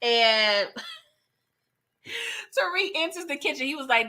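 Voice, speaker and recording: A woman hosts a live TV episode recap in slangy, casual chat, laughing often, throwing playful sass and acting out quoted dialogue. Her voice is high, pushed and bright, at a normal speed.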